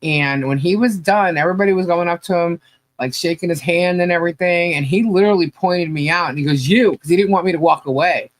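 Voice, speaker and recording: A man's voice: a little high, fast talker. A man co-hosting a podcast, telling a personal story in a rambling way with lots of fillers. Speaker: podcast co-host. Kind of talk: casual chat.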